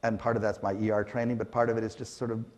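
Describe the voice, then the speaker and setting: With a rapid-fire delivery and a voice on the low side, a middle-aged Canadian panel guest shares stories from a conference stage. He's animated, frequently uses fillers, and acts out the quotes.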